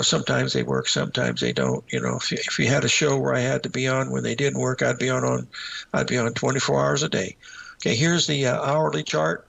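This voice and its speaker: Gravelly older man talking charts. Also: medium pitch, fairly bright tone. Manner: folksy and rambling, addresses viewers as folks. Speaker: market analyst host. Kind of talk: casual chart commentary with a told joke.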